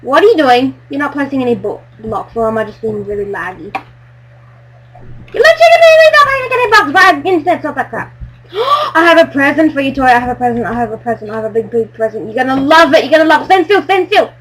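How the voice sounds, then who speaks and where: A woman chatting excitedly while playing a building game with friends, silly and bubbly, breaking into squeals. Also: high-pitched, fast talker, a little hiss or hum. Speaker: gamer playing on a friend's server. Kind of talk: excited let's-play chatter.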